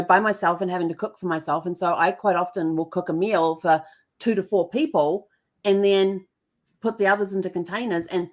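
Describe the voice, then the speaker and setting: A middle-aged woman hosting an online show, telling stories in casual chat with frequent fillers and laughs. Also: mid-range voice. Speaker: show host.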